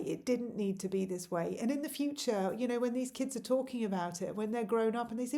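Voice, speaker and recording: A woman's voice: a little high, a little fast, creaky, few pauses, warm tone. Mum in her 40s venting to camera, pleading, keeps firing questions. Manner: impassioned, pleading, rhetorical questions. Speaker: parent vlogger. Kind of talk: direct-to-camera monologue.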